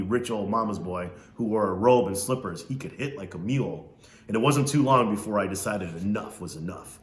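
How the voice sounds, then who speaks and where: Low-voiced man reading a novel aloud. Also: reverberant. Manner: pauses to ask listeners questions. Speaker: reader.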